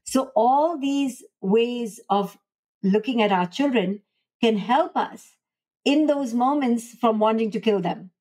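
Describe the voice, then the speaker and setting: A woman's voice: a little high, slow pace, mellow. A woman psychologist answering interview questions in an earnest way, acting out parent and child lines as she explains. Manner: earnest, acts out parent-child dialogue in quotes. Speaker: clinical psychologist and author, podcast guest.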